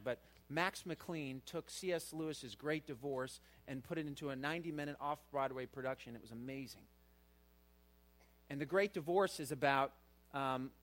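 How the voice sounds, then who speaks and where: A middle-aged man preaching a sermon as pastor, earnest, his voice rising louder for emphasis. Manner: earnest, rises in pitch and volume for emphasis.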